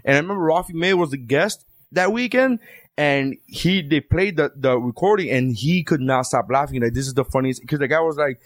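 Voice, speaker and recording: A man's voice: fairly high pitch, a little fast, no echo, clean studio sound. A man in casual chat, crude and joking, rambling with restarts.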